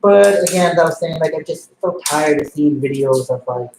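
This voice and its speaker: A man's voice: a little high, normal speed, a little mellow. Rambling ranting man in an echoey room. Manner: rambling, profane, filler-heavy ranting. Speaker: comic collector vlogger. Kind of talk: casual rant while bagging comics. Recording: roomy echo with faint noise.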